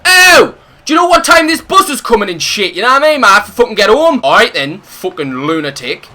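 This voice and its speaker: A young man with a high, bright voice, ranting through a storytime as he plays. His pitch swings wildly as he heaps crude comic insults on everyone in the tale. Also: animated, fast. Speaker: gaming video host. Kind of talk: ranting storytime over gameplay.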